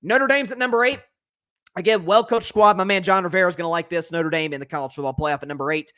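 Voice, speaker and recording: A man hosting a solo sports podcast, giving energetic, opinionated predictions with lots of fillers and restarts. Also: sits high, fast talker, dry recording, studio quality. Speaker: podcast host.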